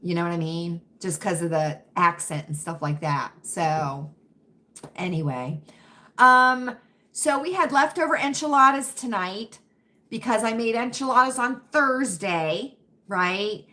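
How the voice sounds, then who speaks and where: A woman's voice: mid-range voice, measured pace, pushed and bright. A woman from Virginia with a faint Southern accent, hosting a casual livestream and chatting with viewers, often checking in with "right?" and "you know what I mean?". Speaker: livestream host reading chat.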